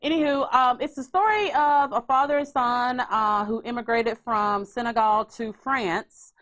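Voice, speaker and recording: A woman hosting a podcast in casual chat, animated and swearing freely. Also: a little high, a little slow. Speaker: podcast host.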